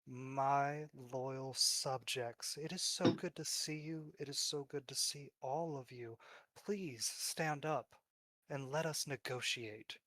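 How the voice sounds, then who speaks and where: A man voicing a sly, scheming male demon lord in disguise, speaking quietly, coldly and condescendingly. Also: medium pitch, slow pace, dry recording. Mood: gracious.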